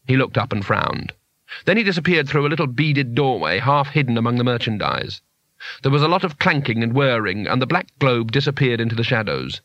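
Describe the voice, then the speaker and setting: A man's voice: medium pitch, big pitch swings, a little fast, a bit bright, no room sound, highs cut off. A man narrating a comic fantasy audiobook in a dry, wry storytelling manner. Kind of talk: scripted narration.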